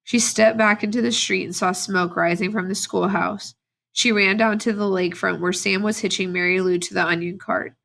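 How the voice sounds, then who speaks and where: A woman teacher reading a novel aloud to her students at a steady, plain pace, with brief asides to the class. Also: mid-range voice, normal speed, creaky.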